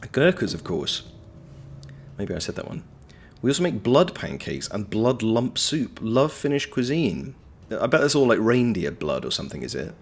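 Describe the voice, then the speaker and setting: A man streaming a game and bantering with his chat in a low, lively voice that swings up and down a lot. His manner is wry and chatty, full of playful wordplay. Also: a little hiss or hum. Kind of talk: casual livestream chat, reading chat.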